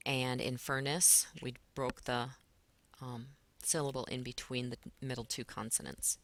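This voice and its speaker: A woman's voice: a bass voice, sharp tone, no room sound. A woman English teacher giving a recorded lesson, explaining patiently with frequent fillers.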